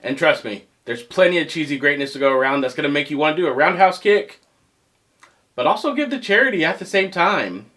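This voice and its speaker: A man hosting a comedic movie review show, animated and joking, poking fun at himself. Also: a little high, brisk. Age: adult past teens. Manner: animated, joking, self-mocking.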